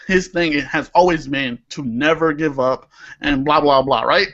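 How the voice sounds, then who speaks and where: Animated young man, lo-fi audio. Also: fairly high pitch, unhurried. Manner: animated, laughing, swears when annoyed. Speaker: podcast co-host. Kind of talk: casual chat. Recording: muffled lo-fi audio.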